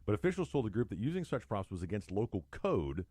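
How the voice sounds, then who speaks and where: Male talk show co-host, lower voice, lively sarcastic delivery, dry close sound. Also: quick pace, slightly rough, no echo. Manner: animated, mocking, reads news aloud with sarcastic asides. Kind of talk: opinionated talk show chat.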